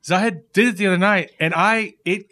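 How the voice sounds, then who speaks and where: Bright sounding guy chiming in on a chat. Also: high voice, brisk. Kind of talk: casual chat.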